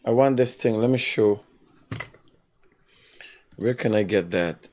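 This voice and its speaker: On the low side and unhurried, this man with a Guyanese Creole accent hosts a live stream. His loose, rambling commentary swings between animated ranting and outbursts of laughter.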